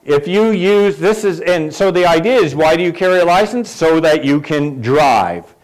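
A man's voice: a little high, animated, normal speed, rough recording. Conversational man preaching a sermon. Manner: conversational, asks the congregation questions, light asides. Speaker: pastor.

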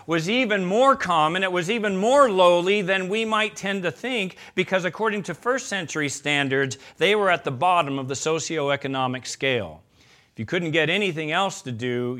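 Forceful, bright-voiced preaching man. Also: a little high. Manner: emphatic preaching, swings from loud to hushed; addresses listeners as beloved. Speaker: pastor. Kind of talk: sermon.

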